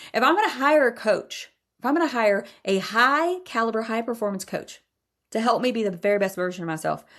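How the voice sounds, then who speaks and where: A woman in her forties hosting a podcast, telling personal stories in a candid, emphatic way and laughing now and then. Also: fairly high pitch. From Iowa. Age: 40s. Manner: candid, emphatic, says y'all, laughs often. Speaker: podcast host. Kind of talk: personal storytelling monologue.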